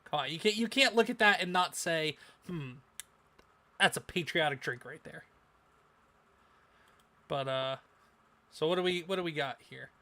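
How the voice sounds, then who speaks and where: A man co-hosting a casual livestream podcast, animated and repeating phrases for emphasis. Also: fairly high pitch, moderate pace, long pauses. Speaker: podcast co-host.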